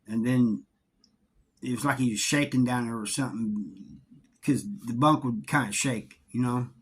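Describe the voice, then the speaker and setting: A middle-aged man telling a story from his time in prison in a casual, halting way, often repeating words. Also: medium pitch, slightly rough. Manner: halting, repeats words, drawling Southern-sounding grammar.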